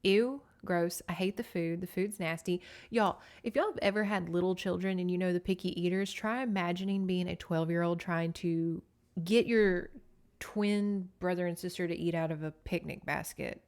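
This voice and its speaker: A woman's voice: on the low side, steady tone, normal speed, darkish tone. A young woman, hosting a casual podcast book recap in a chatty, profane way with laughing asides. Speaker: podcast host.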